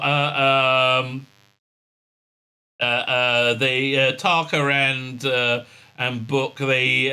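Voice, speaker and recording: A man's voice: a little high, pushed and bright. A man recapping a TV episode in a sarcastic, ranting tone, with many "uh"s and sighs of exasperation. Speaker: show reviewer.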